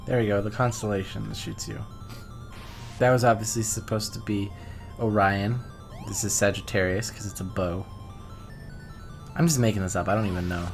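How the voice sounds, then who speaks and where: A man co-hosting a retro game review, chatty and quick to laugh, full of fillers. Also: fairly low pitch, fairly even intonation, gravelly, faint music behind. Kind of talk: casual game commentary.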